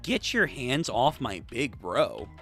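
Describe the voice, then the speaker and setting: A man voicing a tough, protective young sister, delivering her lines slowly and menacingly. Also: mid-range voice, huge pitch swings, a bit bright, soft background music, exaggerated voice. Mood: threatening.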